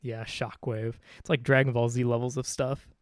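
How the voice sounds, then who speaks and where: Playing a video game on stream, a man jokes and chats with his audience and voices the game's dialogue. He speaks at medium pitch in a level tone and normal speed. The sound is dry and clean, studio quality, with game music faintly underneath.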